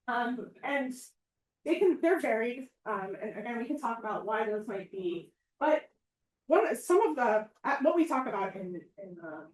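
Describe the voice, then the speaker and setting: A woman giving an informal public talk as a professor, chatty and animated, often asking "right?" and acting out quoted voices. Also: a little high, a little hiss or hum. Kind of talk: informal lecture. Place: outdoor event or hall. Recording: echoey, mic far from speaker.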